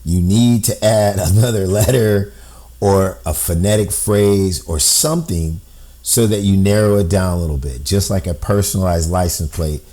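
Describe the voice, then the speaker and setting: This amateur code-breaker has a low, mellow voice and speaks at a moderate pace. He walks through a code on screen step by step, thinking aloud and often checking in with "right?"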